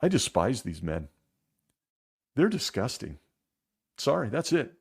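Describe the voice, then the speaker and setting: A man's voice: medium pitch, sing-song, unhurried, gravelly, slightly rough. A man talks straight to his viewers in a blunt, sarcastic commentary. His voice sits mid-range and jumps up sharply whenever he gets emotional. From former Jehovah's Witness upbringing. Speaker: commentary show host. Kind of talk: critical video commentary.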